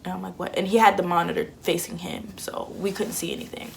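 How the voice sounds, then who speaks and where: A young vlogger in her twenties speaks quickly in a lowish, creaky voice with fairly even intonation, a little hiss or hum audible. She's candid and chatty, acting out people's quotes in a casual story.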